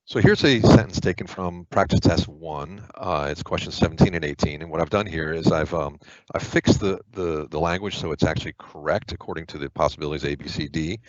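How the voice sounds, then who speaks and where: A deep-voiced man talks through a grammar lesson like a relaxed tutor, loose and informal with plenty of fillers and asides. His voice sits very low, and the recording is dry, close and a little muffled. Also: no room sound. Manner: chatty and informal, with filler words and quick asides. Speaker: test prep tutor. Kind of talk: casual explanatory lesson.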